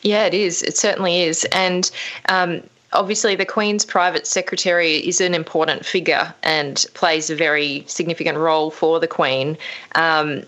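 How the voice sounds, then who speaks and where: Low-voiced woman radio host. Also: fairly bright tone. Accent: Australian. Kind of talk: radio interview.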